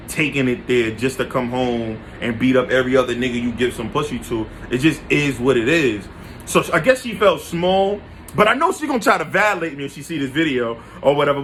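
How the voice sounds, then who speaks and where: A man's voice: mid-range voice, fairly bright tone. A man casually telling stories about his past relationships, blunt, slangy and profane, often talking straight to his listeners. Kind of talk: casual storytelling to camera. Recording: faint background noise.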